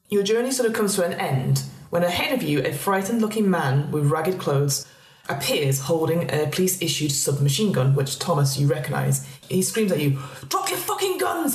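A game master narrating a tabletop horror game, rambling with many fillers. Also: medium pitch. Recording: echoey room.

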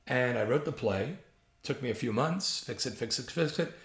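Sixties New York writer, gravelly, spins lively anecdotes in an echoey room. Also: male voice, medium pitch, moderate pace. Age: 60s. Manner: animated anecdotal storyteller, gravelly. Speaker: guest, writer. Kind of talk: storytelling interview. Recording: roomy echo.

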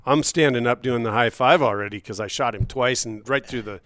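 A man co-hosting a podcast, telling a hunting story in a casual, animated way, often laughing as he acts out what people said. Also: medium pitch, brisk, dry recording. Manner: animated, laughs often while acting out quoted dialogue. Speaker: podcast co-host.

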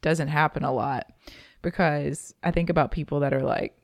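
A podcast co-host with a slight Southern US drawl talks in an easygoing, relaxed way. The voice is calm and soothing, with a strong gravelly fry. The sound is dry and close to the mic. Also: medium pitch, moderate pace, no room sound. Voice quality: calm voice that listeners find soothing. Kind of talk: casual chat.

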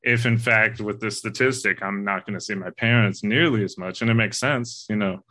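Here a podcast co-host talks through a movie in a casual discussion, earnest and rambling, swearing casually along the way. His voice runs on the low side with a sharp tone and a moderate pace.

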